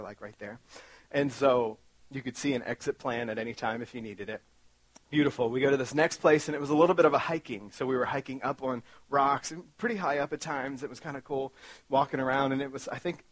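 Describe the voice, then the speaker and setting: A man giving a talk as a guest speaker, telling a story in an animated, self-mocking way and acting out his own panic. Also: medium pitch, no echo.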